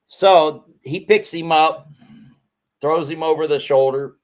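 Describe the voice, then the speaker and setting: A man tells a funny story among friends in a relaxed, wry way. His voice sits a little higher than most men's. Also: a little slow. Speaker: friend in the group.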